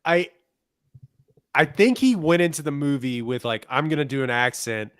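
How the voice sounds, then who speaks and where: A man's voice: fairly high pitch, expressive, moderate pace, a bit bright, clean tone, dry recording, clean studio sound. A young adult man co-hosting a podcast in casual, gossipy chat with wry asides. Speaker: podcast co-host.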